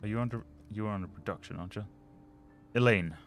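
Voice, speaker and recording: A man's voice: lowish voice, fast talker, faint music behind. A man casually commenting while he plays a management game, often muttering and trailing off as he thinks aloud. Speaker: let's play host.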